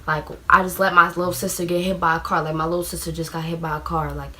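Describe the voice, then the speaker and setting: A young woman telling a personal story in a casual vlog, rambling with lots of "like" and acting out shouted quotes. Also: lowish voice, level tone, fast talker. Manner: rambling, heavy use of "like", acts out shouted quotes. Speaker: vlogger.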